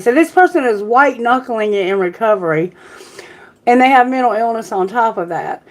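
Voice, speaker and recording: A woman tarot reader talking casually to her live-stream viewers, unhurried and with fillers. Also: on the high side, expressive, rough recording. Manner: slow, unhurried talk with fillers.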